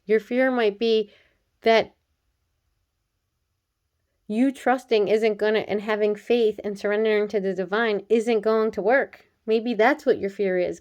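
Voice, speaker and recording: A woman's voice: medium pitch, a little mellow, smooth, muffled recording. A woman doing a casual oracle card reading to camera. She talks earnestly and encouragingly, straight to the viewer, in a chatty way with laughs and filler words.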